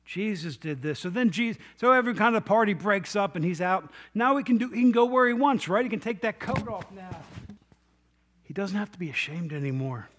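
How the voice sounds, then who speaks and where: A middle-aged man delivers a sermon as a pastor, retelling a Bible story with lively storytelling. His voice sits high for a man. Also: fairly quick.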